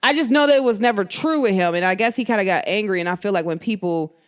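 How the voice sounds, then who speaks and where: Frank, expressive woman podcast host. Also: mid-range voice, fast talker. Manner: expressive, frank, slangy, acts out quoted dialogue. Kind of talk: candid monologue to listeners.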